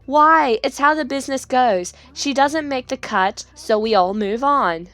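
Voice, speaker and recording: A woman's voice: sits high, unhurried, a bit bright, no room sound. A woman doing a blunt, tough idol contestant. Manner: blunt, matter-of-fact.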